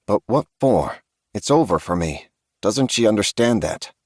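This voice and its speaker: A man's voice: fairly low pitch, expressive, measured pace, dry recording, clean studio sound. A man reading a first-person horror audiobook with a grave, tense storytelling manner. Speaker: audiobook narrator.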